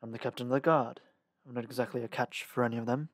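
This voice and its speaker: A man's voice: medium pitch, fairly even intonation, fast talker, dry recording, lightly acted. A man reading the lines of a reserved young male guard captain with a dry manner.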